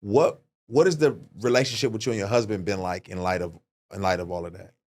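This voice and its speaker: A man's voice: fairly low pitch, fairly even intonation, fast talker, darkish tone. A man hosting an interview, laid-back and affirming, talking in casual slang. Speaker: host.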